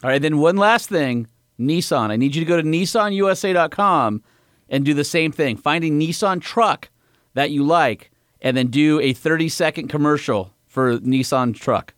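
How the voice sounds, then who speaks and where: A man's voice: on the high side, moderate pace, a bit bright, no room sound, studio quality. A man co-hosting a podcast in casual chat, giving jokey instructions to a guest. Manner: jokey, directive. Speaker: podcast co-host.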